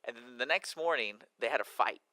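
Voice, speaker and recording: Bright-voiced young man reviewing movies. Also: mid-range voice, brisk, no echo, poor audio. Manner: animated, acts out dialogue while retelling scenes. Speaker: podcast co-host. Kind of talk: casual movie review chat.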